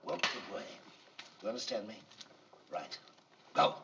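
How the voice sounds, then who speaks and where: A man's voice: lowish voice, steady tone, a little slow. A man directing actors on a film set, patient and coaxing, repeating his instructions and calling the child darling. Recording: hiss-laden muffled archival recording from a distance.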